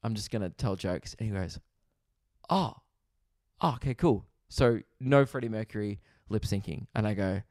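A man's voice: lowish voice, animated, normal speed, darkish tone, dry recording, clean studio sound. A young man, a comedian hosting his own podcast, telling a rambling, self-mocking story in a casual chat, quoting people along the way.

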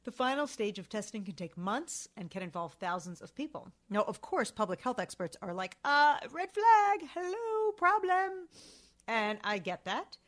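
A woman's voice: mid-range voice, lively intonation, normal speed, few pauses, a bit bright. A woman co-hosting a talk show, chatting about the news in an opinionated way with sarcastic asides.

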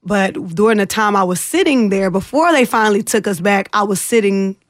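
In brisk, clean studio audio with no room sound, a woman with a mid-range voice appears as an interview guest. She retells a distressing experience of her own earnestly and with emotion, giving lively voices to what others said.

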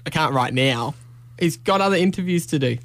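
A man's voice: a little high, expressive, a little fast, fairly bright tone. A man co-hosting a breakfast radio show in a radio studio, teasing and laughing easily. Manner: teasing, playful, laughs often. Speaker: radio co-host. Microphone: studio microphone.

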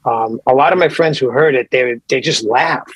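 A man's voice: medium pitch, moderate pace, slightly rough, no echo, rough recording. A man drummer guest in casual podcast chat, hesitant and repeating himself.

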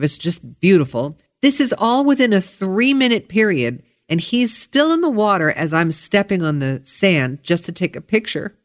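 A woman hosting a podcast, telling a travel story in a chatty, candid way with bursts of excitement. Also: lowish voice. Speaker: podcast host. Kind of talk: casual storytelling monologue.

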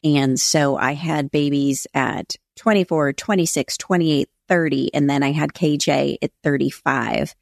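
A woman's voice: low-pitched, unhurried, creaky, hardly any pauses, no echo, studio quality. A middle-aged woman hosting a faith-based podcast, telling her own story in an earnest, confessional and emphatic way. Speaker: podcast host. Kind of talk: personal testimony talk.

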